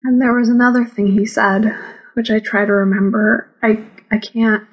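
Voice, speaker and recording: A woman narrating a first-person memoir audiobook in a slow, measured reading. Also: a little high, fairly even intonation, husky, highs cut off.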